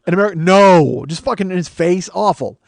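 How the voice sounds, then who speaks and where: A man in his forties tells a story in a quick, high-pitched voice. He is animated and profane, and he jumps into the voices of the people he describes. The sound is dry and close to the mic, as on a podcast. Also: creaky, no echo. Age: 40s. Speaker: comedy podcast host. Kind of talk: comic storytelling monologue.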